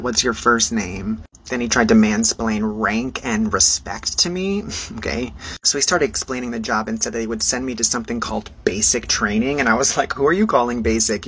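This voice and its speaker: A man's voice: medium pitch, fairly bright tone, low-quality recording. A man telling funny petty stories about his life in a sassy, theatrical way, with light noise behind him. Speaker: storyteller. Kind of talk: comedic storytelling.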